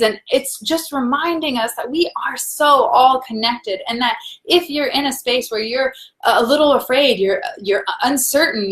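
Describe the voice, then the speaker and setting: A woman hosting a live tarot reading, talking warmly and encouragingly to her viewers, laughing often and reading out their comments. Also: sits high. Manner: warm, encouraging, talks to viewers as "guys".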